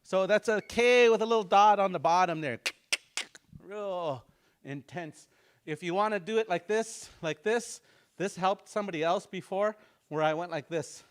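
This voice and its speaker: A man's voice: high voice, clear, resonant tone. Man teaching a language class, repeating sounds. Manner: explains slowly, repeats sounds aloud for practice, chuckles often.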